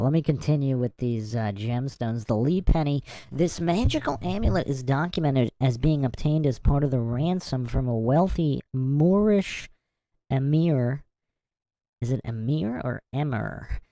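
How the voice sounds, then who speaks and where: A woman's voice: low voice, dark tone, dry recording. A woman hosting a podcast, reading passages aloud and breaking off to react with incredulous asides. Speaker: podcast host. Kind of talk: casual commentary and reading aloud.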